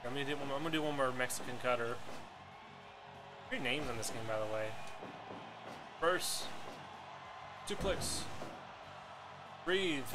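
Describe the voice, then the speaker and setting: A man's voice: medium pitch, unhurried, pauses often, music in the background. A man streaming live, rambling casually and chuckling to himself as he plays. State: winded. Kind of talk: casual live-stream commentary while gaming.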